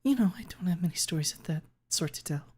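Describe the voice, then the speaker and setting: A man voicing a tiny, shy female dinosaur-like character in a read-aloud visual novel, in a soft, hushed whisper. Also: sits high, expressive, fast talker, slightly rough, voice pushed up. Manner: polite and fussing, hushed.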